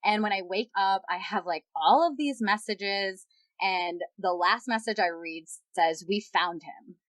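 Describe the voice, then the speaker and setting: A woman's voice: mid-range voice, measured pace, no echo. Candid woman telling a personal story. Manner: candid, animated retelling with quoted dialogue. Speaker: podcast guest. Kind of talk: personal storytelling in a podcast interview.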